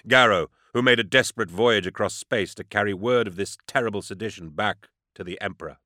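An audiobook narrator with a lowish voice reads scripted narration in a steady, measured storytelling manner. The studio sound is clean, with no echo.

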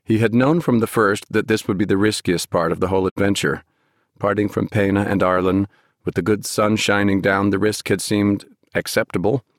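A man narrating a fantasy novel at a measured, steady pace. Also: fairly low pitch, no echo, clean studio sound. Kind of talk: audiobook narration.

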